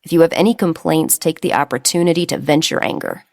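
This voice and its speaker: A woman's voice: low voice, fast, a little mellow. A woman voicing a cold, stern young man. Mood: low and cold. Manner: curt and cold.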